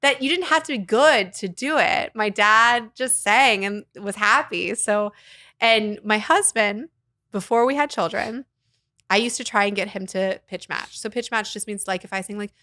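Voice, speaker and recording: Expressive woman voice teacher in interview. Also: mid-range voice, moderate pace, no room sound, clean studio sound. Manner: animated and expressive, often laughing. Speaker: guest, voice teacher and arts nonprofit founder. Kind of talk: casual interview conversation.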